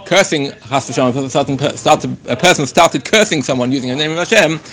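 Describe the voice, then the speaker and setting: A man teaching a Torah class, reading Hebrew passages slowly and then explaining them in English, with frequent stops and restarts. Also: fairly high pitch, a bit bright.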